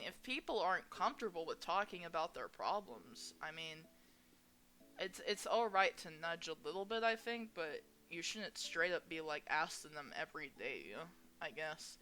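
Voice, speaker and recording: Woman gamer chatting between lines, slangy, relatable, bright voice. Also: on the low side, animated, moderate pace, soft background music. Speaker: let's-play host. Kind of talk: casual commentary.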